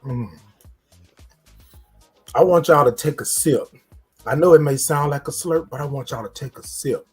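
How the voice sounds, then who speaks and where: A man hosts a casual morning livestream, upbeat and chatty as he greets viewers by name. His voice sits a little high and has a husky edge. Faint music plays underneath. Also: moderate pace, pauses often. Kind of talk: casual live-stream talk to viewers.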